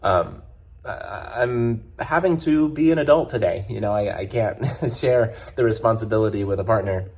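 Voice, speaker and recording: Guy vlogging from a hotel, kinda low voice, lots of ums and restarts, just chatting. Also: normal speed, a little mellow. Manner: rambling, many fillers and restarts. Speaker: travel vlogger. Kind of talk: casual chat to camera.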